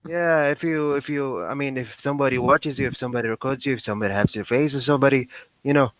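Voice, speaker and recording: A man's voice: medium pitch, fast talker, noisy background. A man calling in to a live show, blunt and provocative in casual chat. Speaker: caller.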